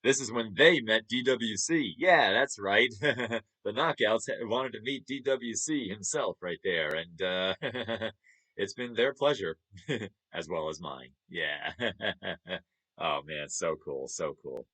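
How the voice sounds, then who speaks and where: A man's voice: fairly low pitch, slow, bright, forceful tone. Chuckling New man. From New York. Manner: chatty, chuckles often, upbeat. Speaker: streamer. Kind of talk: casual chat over photos.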